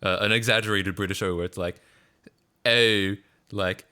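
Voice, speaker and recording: A man's voice: low voice, fairly even intonation, fast, pushed and bright. A man with an Australian accent streaming casual reaction commentary, rambling with frequent fillers, restarts and laughing asides.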